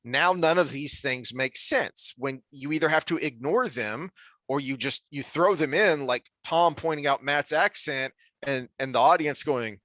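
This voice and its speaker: A man co-hosting a podcast, talking through a TV series review in an animated, rambling way with frequent restarts. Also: on the high side, measured pace, no room sound. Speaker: podcast co-host. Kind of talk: casual review discussion.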